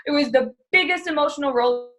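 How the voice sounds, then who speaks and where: Young woman, team leader, emphatic pep talk, repeats herself for weight, somewhat high-pitched. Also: fast, fairly bright tone, low-quality recording. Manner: earnest, emphatic, repeats key lines. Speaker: team leader speaking to her sales team.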